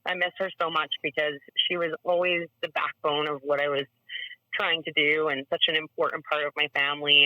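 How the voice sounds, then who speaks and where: A woman's voice: low voice, pushed and bright, no room sound, poor audio. A woman from Canada, a broadcaster and author, talking about her memories in a heartfelt, reflective way as an interview guest. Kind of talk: casual interview chat.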